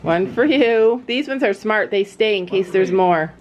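A woman's voice: mid-range voice, measured pace, darkish tone, dull audio, slight background noise. A woman hosting a casual vlog on a cold horse farm, chatting to the camera, laughing often and cooing at her animals. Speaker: vlog host.

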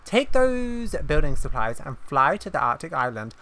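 A woman's voice: low voice, big pitch swings, moderate pace, fairly bright tone, exaggerated voice. A woman reading aloud the lines of an eager male viking builder from a game, in her own plain voice.

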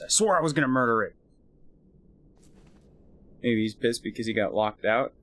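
A young man giving casual commentary over a let's play, excitable and jokey, prone to profane outbursts. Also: medium pitch, moderate pace, long pauses.

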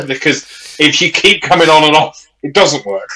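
Man, podcast co-host, jokey chat, animated pitch, forceful bright voice. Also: normal speed, poor audio. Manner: playful, jokey, slips into voices. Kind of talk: casual chat.

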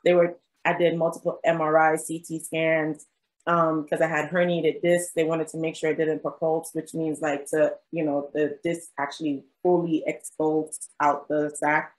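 A young woman physician tells her story in a relaxed interview, her voice sitting on the low side. She slips into acted-out quotes and laughs as she goes, chatty and animated. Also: normal speed, low-quality recording. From South Jersey. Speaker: guest, physician.

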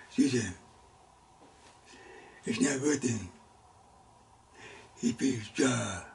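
Slow, gravelly man teaching a Bible lesson. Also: medium pitch, distant mic, a little hiss or hum. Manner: halting, broken phrases with sudden loud exclamations. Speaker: Sunday school teacher. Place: church classroom.

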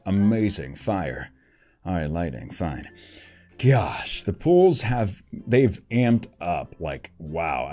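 Animated man calling out card pulls. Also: deep voice. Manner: animated, swings from muttered card names to excited outbursts; jokey asides about the cards. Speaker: YouTuber opening trading card packs. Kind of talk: casual card-opening commentary.

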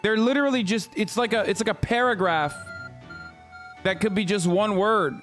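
A man's voice: high voice, moderate pace, a bit bright. A man streaming a game, profanely ranting with an exasperated tone in casual commentary. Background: faint game music.

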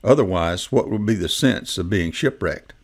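Guy reading old rabbit gentleman from a storybook, firm and keen to explore, low gravelly voice. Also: lively intonation, normal speed.

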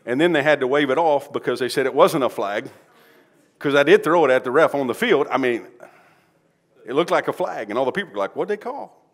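Folksy pastor preaching a sermon. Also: male voice, medium pitch, animated, fairly quick. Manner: folksy, swings from quiet pleading to loud exclaiming. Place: church sanctuary.

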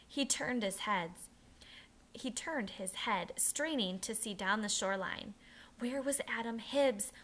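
A woman narrating a children's historical novel aloud, expressive, with occasional restarts and self-corrections. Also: medium pitch.

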